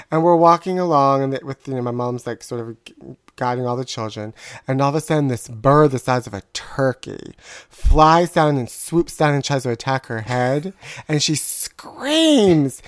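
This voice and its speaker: A casual storyteller rambles through a family anecdote, laughing at their own punchlines. The voice sits in a middle pitch. It is recorded dry and close, with no room around it. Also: fairly bright tone, no room sound. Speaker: podcast co-host telling a story.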